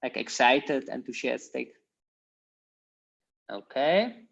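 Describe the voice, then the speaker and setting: A man teaching an informal language lesson, slowly repeating phrases for learners with casual fillers. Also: medium pitch, animated, creaky, a bit bright, highs cut off.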